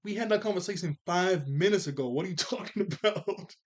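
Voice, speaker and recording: A man gives a light voice to an eleven-year-old cartoon boy. The kid is level-headed and calm, with a note of exasperation. It stays close to the man's own voice. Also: high voice, brisk, pitched above the performer's own voice, close to an everyday voice. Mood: exasperated.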